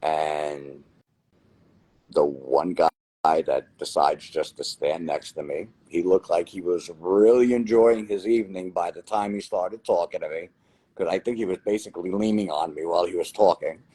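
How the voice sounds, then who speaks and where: Husky low-voiced New Jersey man. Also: normal speed, no room sound, rough recording. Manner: animated, repeats phrases for emphasis. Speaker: lottery winner guest. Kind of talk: casual interview storytelling.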